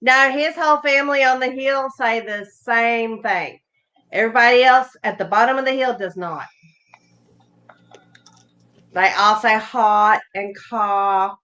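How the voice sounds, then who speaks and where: Slow-talking woman teasing. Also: on the high side, pushed and bright. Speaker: co-host. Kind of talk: casual live-stream chat.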